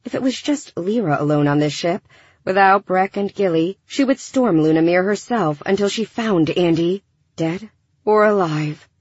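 A woman narrating a science fiction audiobook in a measured, even storytelling manner. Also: fairly low pitch, breathy edge, no echo. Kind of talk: scripted narration. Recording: dull dry studio recording.

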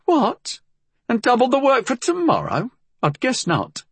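A man voicing an indignant middle-aged woman cook, talking in a high, tight, scolding voice with a husky edge. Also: huge pitch swings, a little slow, fairly bright tone, dry recording, heavily acted.

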